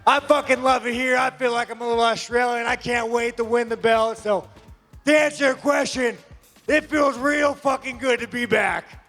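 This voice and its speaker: A man speaking brashly and profanely at a press conference, often shouting. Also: extremely high pitch, fairly even intonation, normal speed, soft background music.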